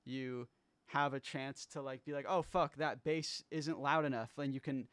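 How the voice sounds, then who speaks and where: A man's voice: mid-range voice, steady tone, normal speed, fairly bright tone, clean tone, dry recording. A man casually breaking down how he made his own album on a livestream, rambling loosely, swearing, trailing off and restarting.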